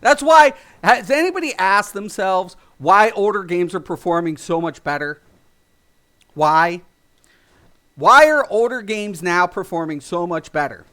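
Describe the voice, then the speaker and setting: Man, high-pitched, gaming stream rant, swearing, rambling and restarting. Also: unhurried, bright, forceful tone. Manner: heated, profane, rambling with restarts. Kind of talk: ranting livestream commentary.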